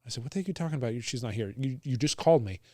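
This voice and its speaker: A young man speaks in an everyday middle register, his voice close and dry with no room sound. He talks earnestly and haltingly in casual conversation, often stopping to restart a sentence. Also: medium pitch, animated, darkish tone, no echo. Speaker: guest sharing his story.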